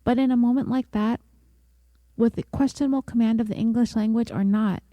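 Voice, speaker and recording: A woman podcast host reading a scripted true-crime story in a measured, deliberate way. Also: mid-range voice, dark tone, dry recording.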